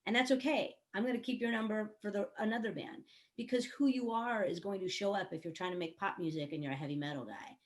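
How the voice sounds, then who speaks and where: A woman's voice: mid-range voice, fast talker. A woman who works as a songwriter, producer and coach, explaining her ideas earnestly on an online panel with everyday examples. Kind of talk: panel discussion.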